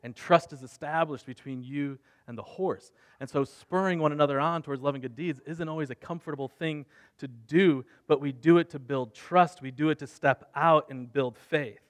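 Earnest male preacher, slightly high voice. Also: normal speed. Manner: earnest preaching, swings between soft and emphatic. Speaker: pastor. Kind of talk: sermon.

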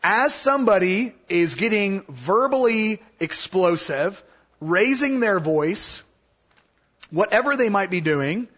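A high-voiced, husky man teaches scripture to a class in a casual, animated way, acting out the voices he quotes. The recording sounds dull and lo-fi. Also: slow pace. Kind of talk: Bible teaching.

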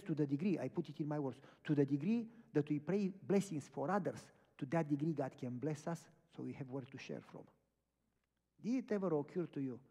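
Male pastor, mellow tone, lively storyteller who voices each character, reverberant hall. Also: a little high, husky. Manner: animated storytelling, acting out dialogue. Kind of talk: sermon with personal stories. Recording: long reverb of a large hall.

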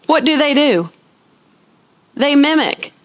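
A woman preaching a sermon as a Bible teacher, putting questions to the listeners and answering them herself, slowing down to stress key words. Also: sits high, animated.

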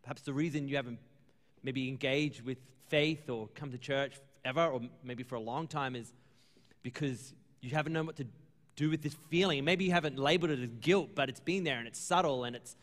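A man's voice: mid-range voice, a little fast, big-room sound. A man preaching a sermon as pastor, earnest and conversational, acting out little exchanges with churchgoers. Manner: conversational, earnest, acts out dialogue.

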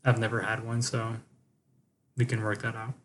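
A man in his twenties from Bakersfield, California, with a Bakersfield accent, co-hosting a podcast in casual chat with dry, quick quips. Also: lowish voice, completely flat delivery, a bit bright, slight background noise. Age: 20s. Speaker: podcast co-host.

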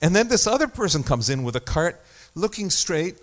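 Conversational pastor preaching a sermon. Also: male voice, high voice, very animated, normal speed. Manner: conversational preaching with self-deprecating asides.

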